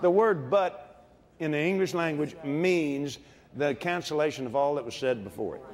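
A male preacher delivering a fervent sermon, often shouting and breaking into laughter. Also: fairly high pitch, normal speed, big-room sound, slight background noise.

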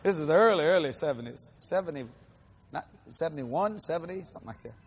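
A man in his sixties preaching a testimony sermon, telling his story in a lively, animated way and acting out the voices of others, with casual folksy grammar. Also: on the high side, moderate pace, big-room sound, slight background noise. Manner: animated storytelling, acts out quotes.

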